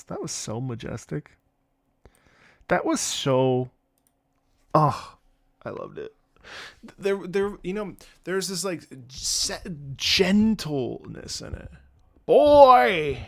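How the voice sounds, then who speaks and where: A man reacting to game music, gushing emotionally in halting, restarting phrases. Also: fairly high pitch, lively intonation, creaky, no room sound, clean studio sound. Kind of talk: casual reaction commentary.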